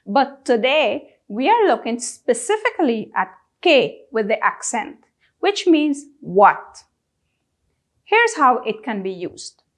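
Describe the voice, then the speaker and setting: A woman teaching a language lesson, drilling each question word and asking the listener to repeat after her. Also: high-pitched. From Guyana. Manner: drills words, pausing for repetition. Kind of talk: slow, deliberate classroom instruction.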